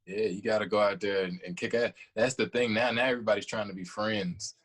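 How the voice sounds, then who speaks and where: A man's voice: fairly low pitch, fairly even intonation, brisk, fairly bright tone. A man guesting on a casual sports talk show, laid-back and slangy, mimicking trash talk.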